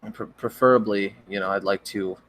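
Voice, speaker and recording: A young man, a horror story narrator, chatting casually on a livestream, rambling and hesitant, his voice cracking and needing throat-clearing now and then. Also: lowish voice, steady tone, brisk, fairly bright tone. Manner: rambling, hesitant, with many restarts and fillers.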